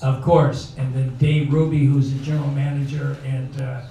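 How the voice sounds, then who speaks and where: A man's voice: medium pitch, little pitch movement, normal speed, dark tone. An older man emceeing a live benefit show, chatting in a rambling way with many fillers. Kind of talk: live event hosting. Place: indoor bar venue. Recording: echoey room from far off with crowd noise.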